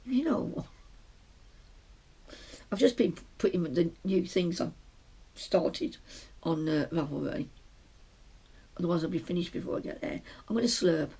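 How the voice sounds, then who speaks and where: A gravelly, husky-voiced British woman chats her way through a crafting update, rambling and stopping to restart her sentences. She talks from a small shut room at home. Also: lowish voice, lively intonation, measured pace, long pauses, dark tone. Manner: rambling, chatty, self-interrupting. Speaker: podcast host. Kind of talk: casual knitting podcast chat.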